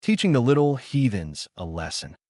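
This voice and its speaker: A man voicing an aloof teenage ninja boy who speaks curtly and calmly in a fan-fiction reading. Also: medium pitch, normal speed, dry recording, studio quality, close to an everyday voice. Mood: cold. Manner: curt and calm.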